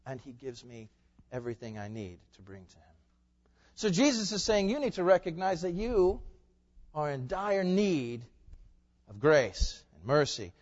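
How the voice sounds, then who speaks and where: A man preaching a sermon to a congregation, swinging from loud, emphatic peaks to quiet, low asides. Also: sing-song, unhurried. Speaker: pastor. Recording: muffled sound in a reverberant hall.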